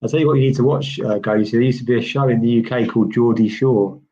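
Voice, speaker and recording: A man's voice: mid-range voice, fairly even intonation, fast talker, dark tone. A man from the UK doing casual live tennis commentary, chatty and rambling as he answers viewer chat with lots of "um"s. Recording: slightly dull lo-fi stream audio.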